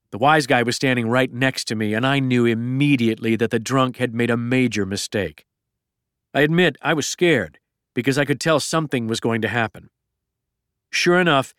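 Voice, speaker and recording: A middle-aged man narrating a memoir audiobook in a plain, measured storytelling manner. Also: medium pitch, fairly bright tone, smooth, dry recording, studio quality.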